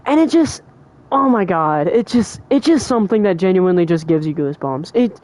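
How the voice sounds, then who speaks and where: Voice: medium pitch, lively intonation, fairly quick, darkish tone. A young adult streamer talking casually and emotionally, full of fillers like "like" and "bro". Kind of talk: casual livestream chat.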